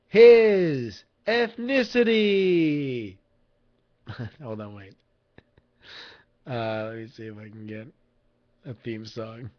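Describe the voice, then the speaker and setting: Profane rambling man on a livestream. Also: medium pitch. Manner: rambling, profane, joking with chat. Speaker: livestream host. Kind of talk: casual livestream chat. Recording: lo-fi livestream audio.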